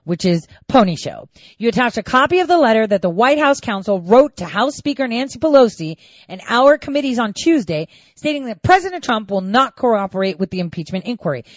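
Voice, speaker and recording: A woman giving opinionated political commentary in a sarcastic, animated way, reading out quotes and mocking them. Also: a little high, no room sound, muffled recording.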